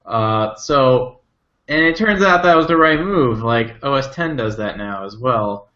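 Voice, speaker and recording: Male co-host, mid-pitched, dry sarcastic wit, muffled lo-fi sound. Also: animated, a little slow, sharp tone, echoey room. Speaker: podcast co-host. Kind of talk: casual tech podcast chat. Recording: dull lo-fi audio.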